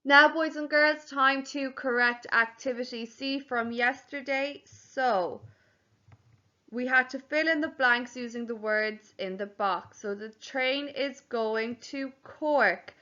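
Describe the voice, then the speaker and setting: A slow, deliberate woman teaching spelling to young children, sounding out each word letter by letter. Her voice sits a little high, and the home recording sounds dull and lo-fi. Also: sharp tone. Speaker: primary school teacher. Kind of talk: home learning spelling lesson.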